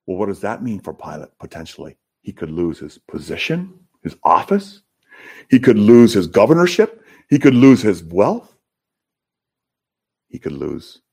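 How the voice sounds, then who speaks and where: A man's voice: deep voice, sing-song, unhurried, vocal fry, pauses often, a little mellow, slightly rough. A man preaching an expository sermon to his congregation, building to emphatic peaks. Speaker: pastor.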